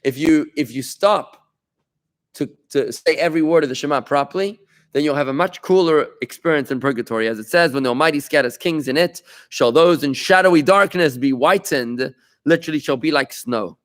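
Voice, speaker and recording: A man's voice: fairly high pitch, brisk, a bit bright. A middle-aged man, a rabbi, teaching an informal Talmud lesson, explaining patiently, repeating phrases and turning to his students with chatty asides.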